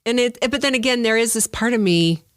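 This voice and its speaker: A woman's voice: fairly high pitch, fairly quick, no room sound, clean studio sound. A woman guest on a podcast, telling her story casually and laughing at herself. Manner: self-deprecating, laughs at herself. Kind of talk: casual conversational interview.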